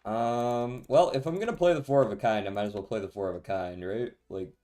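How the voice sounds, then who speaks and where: A man's voice: medium pitch, brisk, mellow, soft background music. A young man streaming a card game, giving dry, sarcastic commentary and swearing freely. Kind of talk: casual gameplay commentary.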